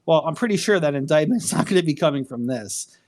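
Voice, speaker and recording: A man's voice: a little high, lively intonation, fast talker, darkish tone. A man hosting a casual live chat, an attorney who rambles, curses freely and fills his talk with fillers. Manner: rambling, profane, many fillers. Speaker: host.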